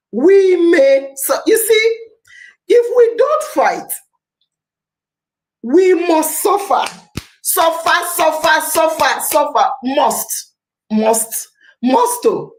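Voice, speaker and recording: A woman's voice: very high-pitched, a little mellow, reverberant, low-quality recording. A Nigerian woman hosting a podcast, giving an impassioned civic talk, repeating phrases for emphasis and slipping into Pidgin. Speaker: podcast host.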